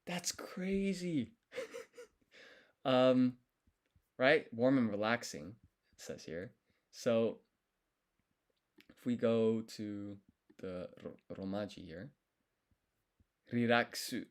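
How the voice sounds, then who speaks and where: A man studying a language on a live stream, thinking aloud, sounding out syllables slowly and correcting himself as he goes. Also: lowish voice, a little mellow, clear, resonant tone.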